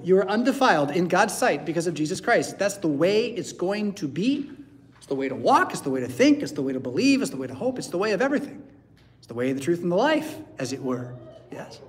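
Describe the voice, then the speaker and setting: Guy preaching in church, kinda high voice, swoops up and down a lot, chatty with lots of "right?". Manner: conversational preaching with frequent "right?" and "yeah?" asides. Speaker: pastor. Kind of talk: sermon.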